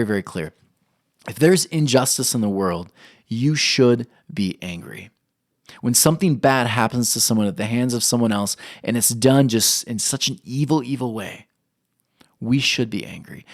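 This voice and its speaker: A man's voice: medium pitch, dry recording, studio quality. Earnest man preaching a sermon. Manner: earnest, asks the listeners questions. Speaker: pastor.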